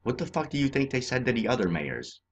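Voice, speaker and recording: Man, agitated, profane, ranting commentary, shouting then muttering. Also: medium pitch, big pitch swings, fast talker, slightly rough. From California. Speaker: vlogger. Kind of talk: ranting commentary over on-screen maps.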